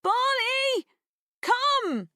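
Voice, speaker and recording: A frightened teenage girl, as a woman reader puts her on, shrill and strained as she calls and pleads. Her voice jumps high above the narration and rings out loud, with a bright, sharp edge. The recording is dry and close. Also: big pitch swings, very slow, dry recording, full character voice. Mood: calling out.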